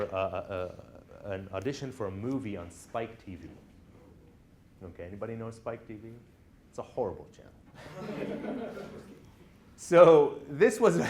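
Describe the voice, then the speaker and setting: A man's voice: mid-range voice, slight background noise. Conversational man giving a classroom lecture. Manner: conversational, often checks in with "right?". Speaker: college lecturer. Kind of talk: classroom lecture with personal stories.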